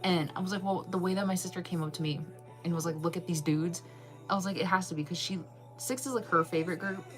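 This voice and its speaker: Animated young woman telling a story. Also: fast, faint music behind. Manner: animated, acts out her own lines in a higher voice, laughs often. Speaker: channel host. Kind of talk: casual storytelling.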